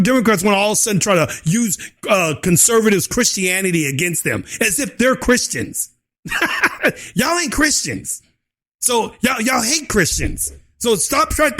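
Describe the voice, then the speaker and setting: A man hosting his own channel, ranting loudly with mocking laughter and put-on imitations of opponents. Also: high voice. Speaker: host. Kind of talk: opinion rant.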